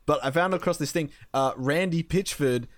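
A man's voice: fairly high pitch, normal speed, no echo, studio quality. A man in a casual gaming podcast chat, making wry jokes.

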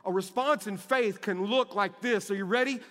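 A man preaching a sermon as pastor, impassioned, swinging between loud emphasis and hushed lows, repeating words as he goes. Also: moderate pace, big-room sound. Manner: repeats words and restarts phrases.

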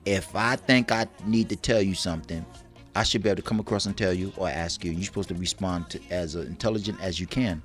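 A man's voice: low voice, fast talker, faint music behind. A man co-hosting a casual relationship talk podcast, bragging playfully and acting out little quotes. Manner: animated, bragging, acts out quotes. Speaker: podcast co-host.

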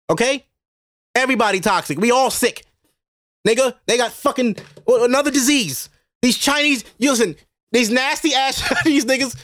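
A man's voice: very high voice, fairly bright tone, no room sound, clean studio sound. A man from Brooklyn with a New York accent, hosting a podcast in a rambling, profane, exasperated monologue. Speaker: podcast host. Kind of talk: casual ranting monologue.

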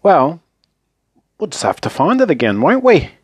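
A man's voice: wildly swooping pitch, normal speed, breathy edge, no echo, clean studio sound, full character voice. A man doing a jolly, bubbly Mister Happy. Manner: bubbly, high and bouncy. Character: cheerful jolly man always laughing.

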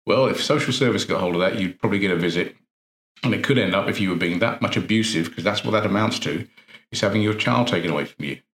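A man's voice: fairly low pitch, fast, a bit bright. A man, an NLP coach, giving an earnest motivational talk full of rhetorical questions and repeated phrases. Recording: roomy echo.

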